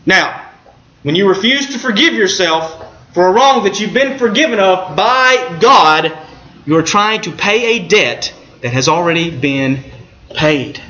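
A man preaching a sermon in an earnest, measured way, slowing down for emphasis. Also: high-pitched, sharp tone, roomy sound, dull audio.

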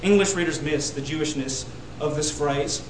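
A man delivers a sermon to his congregation, his voice sitting a little high. He builds to loud, emphatic peaks on repeated phrases. The sound is roomy, with a faint hum of ambience behind him. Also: normal speed. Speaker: preacher. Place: church sanctuary.

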